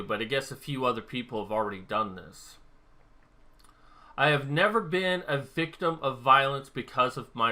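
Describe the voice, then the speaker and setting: A young man talks to his camera in a loose, rambling way, working out his thoughts as he goes. His tone is very bright and sharp, and it stays edgy from start to finish. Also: medium pitch. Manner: rambling, thinking aloud. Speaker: vlogger. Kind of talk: casual talk-to-camera monologue.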